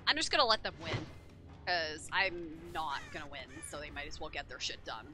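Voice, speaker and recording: A woman's voice: low-pitched, lively intonation, fairly quick, over music. A young woman streaming a horror game, talking to her chat with frequent swearing and frustration. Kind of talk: casual game commentary.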